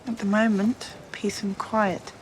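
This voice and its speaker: An actress playing a cold, cutting young noblewoman in a TV drama, with an icy, measured delivery. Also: medium pitch, flat delivery, a little hiss or hum, lightly acted. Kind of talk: TV drama acting.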